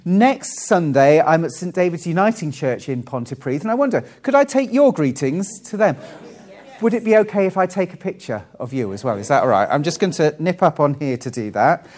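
A man from Wales preaching a friendly sermon with frequent ums and pauses. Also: on the high side, big pitch swings, a little mellow. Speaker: pastor.

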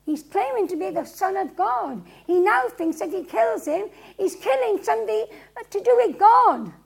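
A woman preacher with a gravelly voice, dramatically retelling a story to a live audience. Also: extremely high pitch, lively intonation, normal speed, low-quality recording.

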